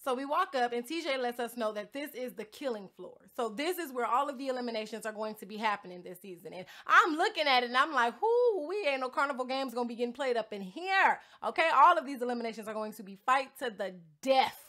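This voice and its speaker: A woman's voice: a little high, lively intonation, quick pace, few pauses, sharp tone. A young woman hosting a casual recap podcast, telling the story in a chatty, slangy way and laughing often. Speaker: podcast host recapping a reality show.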